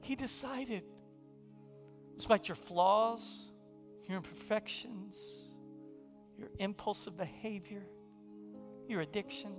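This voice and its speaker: A man preaching a sermon in a conversational, humorous storytelling way, sometimes dropping to a hushed, intimate delivery. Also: high voice, slow pace, pauses often, over music. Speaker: pastor.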